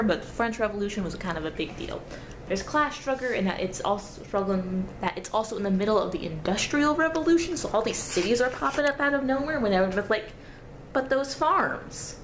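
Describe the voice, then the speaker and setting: A woman's voice: medium pitch, echoey room, background noise. A young woman vlogging at home, rambling casually about her studies and cooing baby talk to a toddler. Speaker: vlogger and student babysitter. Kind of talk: casual vlog chat. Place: home, indoors. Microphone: camera on a table.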